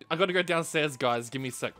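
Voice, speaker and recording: A man giving excitable, casual let's play commentary, exclaiming, swearing and laughing often. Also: on the high side. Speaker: gaming streamer.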